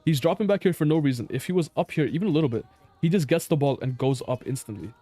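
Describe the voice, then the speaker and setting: A man's voice: fairly high pitch, lively intonation, quick pace, dark tone, no room sound, soft background music. A man reviewing his own match footage in casual commentary, blunt and exasperated, swearing and laughing in disbelief at mistakes.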